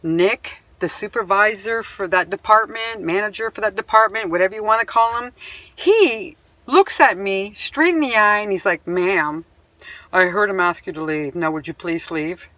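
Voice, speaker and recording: A woman's voice: mid-range voice, normal speed, pushed and bright, dry recording. Indignant woman venting, dry close sound. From Canada. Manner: indignant, emphatic retelling with sighs; reads items off a bill. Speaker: vlogger. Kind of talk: upset personal account to camera.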